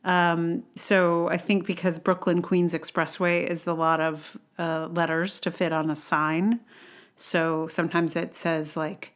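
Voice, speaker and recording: Woman podcast host from New York, slow and unhurried, lowish voice, rambling chatty monologue. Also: level tone, smooth. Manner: rambling, chatty, self-deprecating asides.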